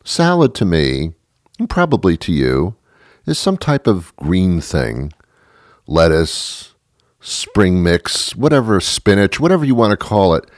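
Deep-voiced man ranting sarcastically. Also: sing-song, a little slow, dry recording, clean studio sound. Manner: rambling, sarcastic, self-mocking rants. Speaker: podcast host. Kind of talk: comedic monologue.

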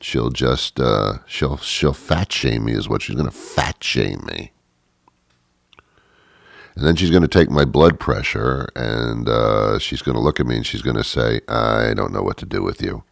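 A middle-aged man with an extremely deep, low voice talks through a comic monologue in a deadpan, rambling, self-mocking way. The recording is close and dry, with no room sound at all. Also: a little slow, vocal fry, no echo.

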